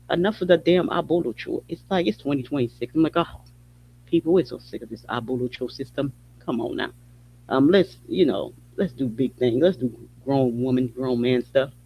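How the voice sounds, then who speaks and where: A man hosting a podcast, giving impassioned political commentary in a blunt, repetitive way, often swearing. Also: a little high. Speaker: podcast host. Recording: slightly dull audio with faint hum.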